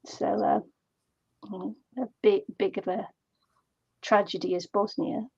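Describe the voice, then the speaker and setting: Middle-aged woman, gravelly co-host, halting delivery, dull lo-fi sound. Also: medium pitch, little pitch movement, a little mellow, no room sound. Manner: halting, many fillers. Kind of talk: casual chat while crafting.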